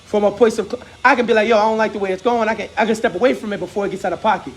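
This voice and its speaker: A man hosting a casual barbershop chat, telling animated stories and laughing often. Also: sits high, very fast, slightly rough. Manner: laughs a lot, animated storytelling. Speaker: host.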